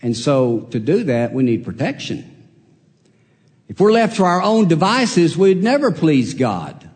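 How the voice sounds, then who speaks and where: A man preaches in a folksy storytelling way, his voice sitting a little high for a man. He surges louder on key points and drops to near quiet on others. The sound rings with a long reverb, as in a large hall. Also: very animated, a little slow. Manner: folksy storytelling, swings between loud and soft. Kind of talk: sermon.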